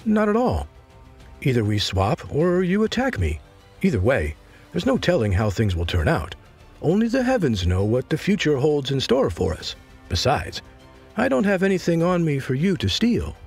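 A man's voice: fairly high pitch, wildly swooping pitch, normal speed, darkish tone, faint music behind, exaggerated voice. A man doing a sly, easygoing bald teen trader. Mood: easy, sly. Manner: easygoing, smooth-talking. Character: calm, sly bald teenage boy trader.

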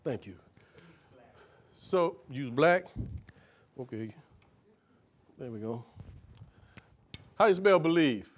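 Slow and pausing often, a man with a fairly high, expressive voice preaches to a small live group. His scripture teaching is folksy: he leads a reader verse by verse, echoes each phrase, keeps asking "see?" and "right?", and repeats key words in rhythmic runs.

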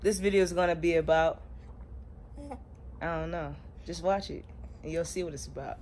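A man, a parent, chatting casually in a home family vlog and talking gently to his baby, loose and relaxed with lots of filler words. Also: a little high, normal speed, a little hiss or hum.

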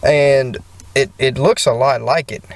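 A man's voice: medium pitch, fairly even intonation, unhurried, gravelly, no room sound. A man playing a video game and chatting casually as he reacts to what happens on screen. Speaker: let's play gamer. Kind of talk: casual gameplay commentary. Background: game music.

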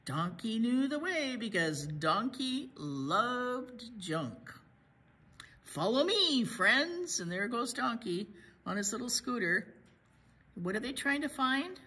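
Animated, breathy woman reading to children. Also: on the high side, slow. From United States. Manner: animated, chatting to children about the pictures. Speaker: children's librarian. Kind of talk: children's story read-aloud.

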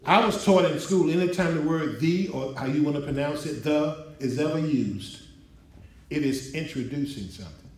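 A male pastor preaching an emphatic sermon, his voice rising in pitch as he drives points home to a responding congregation. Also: normal speed. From United States. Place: church hall. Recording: echoey hall from far off.

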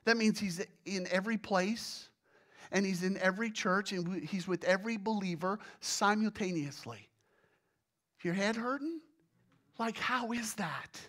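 A pastor preaching a sermon, swinging from hushed, low passages to loud exclamations and acted groans. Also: unhurried. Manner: illustrates with everyday examples and acted groans.

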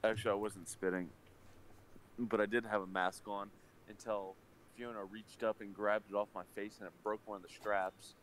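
A man's voice: lowish voice, flat delivery, normal speed, fairly bright tone, a little hiss or hum. A man streaming live, telling a heated, profanity-filled story in casual chat at his desk microphone. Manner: profane, heated ranting anecdote.

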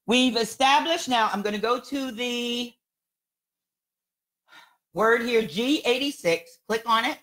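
Woman pastor, bright tone, slow unhurried teaching, chatty with frequent laughs and check-ins. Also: a little high. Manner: conversational, asks "you understand what I'm saying?", laughs often. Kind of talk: sermon teaching. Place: church or teaching room with a small audience.

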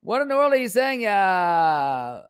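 A man's voice: high voice, big pitch swings, unhurried, clear, resonant tone, no room sound, studio quality. A man teaching Islamic studies in a casual livestream Q&A, joking and exasperated as he answers questions.

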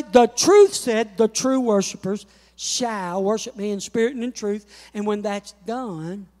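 A man with a very high voice preaches slowly and deliberately, stretching out his words. His delivery is preacherly and climbs to shouts on scripture quotes. The sound carries a long church reverb. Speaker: pastor. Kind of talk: sermon. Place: church sanctuary.

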